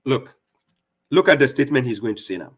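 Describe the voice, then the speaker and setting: A man giving scolding religious commentary on a live stream, mocking opponents and reading verses slowly. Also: mid-range voice, lively intonation, husky. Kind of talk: preaching commentary on played clips.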